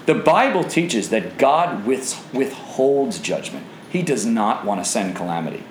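A man preaching and teaching from the Bible, asking the audience questions, his voice swinging from low and grave to high and excited. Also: measured pace, hardly any pauses, echoey room, slight background noise, low-quality recording.

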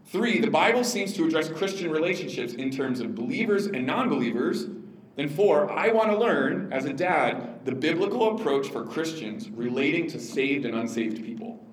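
A man giving an informal teaching talk to a church audience about parenting, conversational, with many fillers and lively quoted asides. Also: fairly high pitch, moderate pace, roomy sound, poor audio. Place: room with an audience.

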